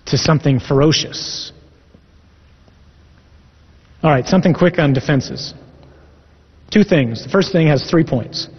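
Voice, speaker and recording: Male priest, sermon, husky, fairly high voice, echoey hall, dull lo-fi sound. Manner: earnest, emphatic, reads scripture aloud. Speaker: Catholic priest.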